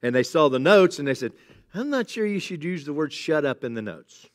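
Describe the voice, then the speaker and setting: A middle-aged man preaching a sermon in a church, talking casually and cracking jokes with the congregation. His voice sits a little high and swings widely in pitch. He keeps a loose, chatty manner throughout. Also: sing-song, a little fast. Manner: jokey, conversational preaching with chuckles and asides to the congregation. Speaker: pastor. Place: church sanctuary.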